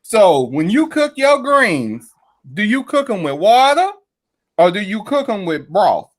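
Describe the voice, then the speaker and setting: A man hosting a casual podcast chat, animated, swearing and laughing often. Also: sits high, unhurried. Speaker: podcast host.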